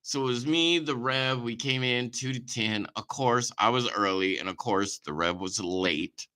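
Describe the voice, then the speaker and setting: A man's voice: medium pitch, unhurried. A man hosting a casual podcast, rambling through stories with swearing and hype-style plugs. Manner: animated, rambling storyteller with profanity and hype ad reads. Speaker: podcast host.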